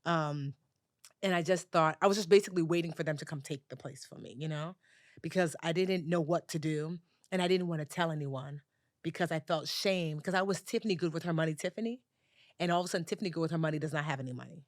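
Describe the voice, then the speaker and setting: A woman in her forties telling a personal story as a guest in an interview, animated and acting out other people's voices. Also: low voice, quick pace, no room sound, studio quality. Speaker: guest, personal finance educator.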